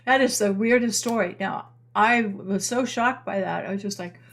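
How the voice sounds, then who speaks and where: A woman's voice: medium pitch, normal speed, creaky. An older woman hosting an astrology live stream, telling a long story in a chatty, meandering way with many restarts and answering viewer comments. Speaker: astrology channel host.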